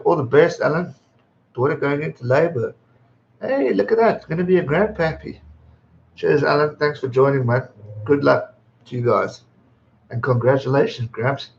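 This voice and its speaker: A man's voice: medium pitch, gravelly, a little mellow, a little hiss or hum. A man in his twenties from England, hosting his birthday livestream, chatting casually, reading out viewer comments, laughing often and swearing freely. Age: 20s. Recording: slightly dull lo-fi stream audio.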